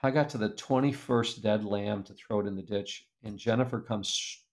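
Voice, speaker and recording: A man telling a personal story as an interview guest, lively and earnest, acting out the people in it. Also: lowish voice, normal speed, hardly any pauses. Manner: animated storyteller who acts out the people in his tale; earnest and reflective. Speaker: guest speaker.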